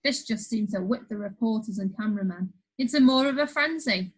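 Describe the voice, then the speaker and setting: A woman's voice: mid-range voice, a little fast, husky, poor audio. A woman reading a funny children's story aloud, playful, with chatty asides to the listener. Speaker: storybook reader.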